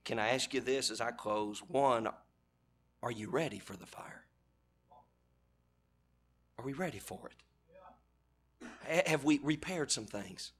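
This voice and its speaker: A middle-aged man preaching a sermon, animated and humorous, acting out characters as he tells the story. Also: mid-range voice, takes it slowly, pauses often, slightly rough.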